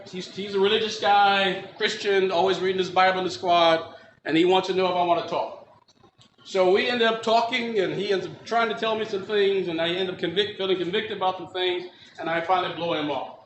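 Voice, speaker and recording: High-voiced man telling his testimony. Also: a bit bright, slight background noise. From Milwaukee, Wisconsin. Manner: acts out dialogue in quotes, laughs at his own story. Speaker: testimony speaker. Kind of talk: personal testimony storytelling. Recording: echoey room with faint ambience.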